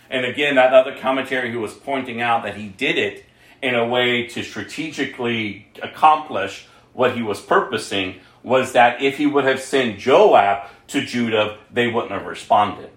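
A man's voice: medium pitch, moderate pace, fairly bright tone, echoey room. A man preaching a sermon, reading scripture aloud and breaking off to explain it conversationally.

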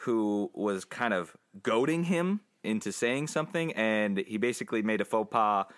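A man's voice: fairly low pitch, expressive. A man casually recapping an old film's plot for his co-hosts, rambling with restarts and frequent laughs. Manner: rambling, laughs often, puts on quick voices for quotes. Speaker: podcast co-host summarizing a film. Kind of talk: casual chat.

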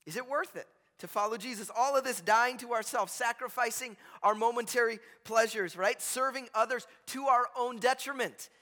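A male pastor delivers a sermon to his congregation in a church sanctuary, speaking with a very high, pushed, bright voice at normal speed and with few pauses. His style is conversational and joking, and he keeps checking in with "right?" The big hall gives the recording a long reverb.

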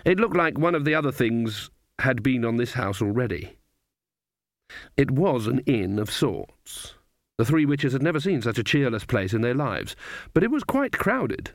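A man narrating a comic fantasy audiobook in a dry, measured storytelling manner. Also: medium pitch, very animated, dry recording. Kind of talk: scripted narration.

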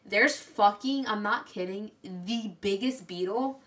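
Woman, twenties, podcast co-host, animated storyteller, swears freely, crisp bright tone. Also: mid-range voice, takes it slowly. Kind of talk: casual chat.

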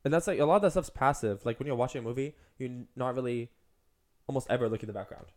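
A man chats casually as a podcast co-host. He talks at a brisk clip and rambles from one thought to the next, filling the gaps with "like" and "um". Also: medium pitch, a little mellow. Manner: rambling, heavy use of "like" and "um".

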